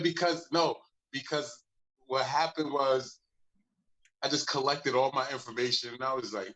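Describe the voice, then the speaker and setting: A man's voice: medium pitch, fairly even intonation, moderate pace, sharp tone, rough recording. A man co-hosting a casual group talk show, sounding weary and exasperated and laughing often.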